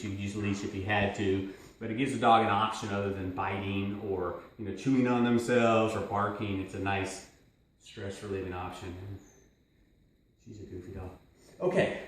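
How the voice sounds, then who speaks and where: A man teaching dog training in a casual, rambling way, switching into high excited praise for the dog. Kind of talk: casual hands-on instruction. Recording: very echoey room, mic at a distance.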